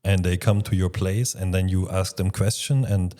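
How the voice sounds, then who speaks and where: A man's voice: deep voice, fairly even intonation, moderate pace, mellow. A man hosting a podcast interview, asking short, inquisitive follow-up questions. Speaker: podcast host.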